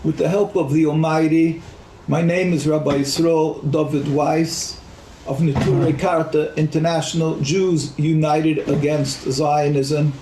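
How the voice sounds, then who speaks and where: A rabbi speaks in a slightly raised voice with a prayerful, measured delivery. His solemn address sounds roomy and echoey, with faint noise underneath. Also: fairly high pitch, little pitch movement, warm tone.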